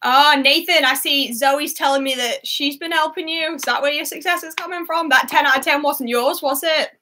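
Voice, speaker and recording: A woman's voice: high voice, moderate pace, sharp tone. A young woman hosting an online quiz, chatty and giggly as she reads out scores and questions. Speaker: quiz host.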